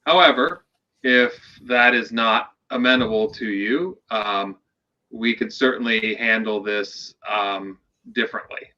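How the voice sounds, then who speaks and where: A man playing his character at a tabletop game, speaking slowly and hesitantly with many fillers. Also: fairly low pitch, pushed and bright, highs cut off. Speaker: player.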